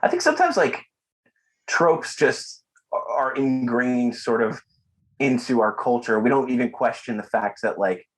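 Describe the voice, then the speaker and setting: A man's voice: mid-range voice, big pitch swings, a little slow, poor audio. A man chatting casually as a podcast guest, often laughing. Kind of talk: casual chat.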